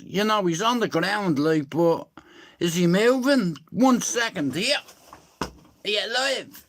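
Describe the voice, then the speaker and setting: High-pitched, slow-talking man ranting. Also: lively intonation, fairly bright tone. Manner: crude, mocking, profane ranting. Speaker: live streamer. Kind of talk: live stream rant.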